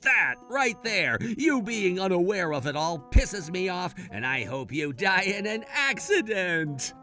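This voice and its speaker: A man playing a spiteful young man who mocks an old classmate. He sneers and gloats slowly, and his pitch swings widely. Faint music runs behind him. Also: very animated, bright, forceful tone, full character voice. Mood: sneering. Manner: sneering, mocking.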